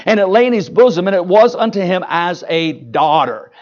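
A pastor preaching a sermon, folksy and emphatic, mixing jokes with rising exhortation. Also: male voice, high voice, expressive, normal speed, a little mellow, dull audio.

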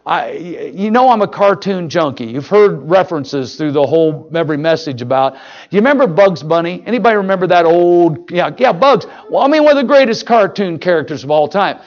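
A man's voice: sits high, lively intonation, a little fast, lo-fi sound. An older man preaching a sermon in a church, folksy and joking, firing questions at the congregation. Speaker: pastor.

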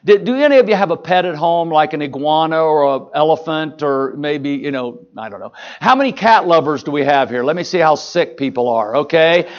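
A pastor preaching a sermon, folksy and emphatic, mixing jokes with rising exhortation. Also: male voice, a little high, animated, brisk, hardly any pauses, lo-fi sound.

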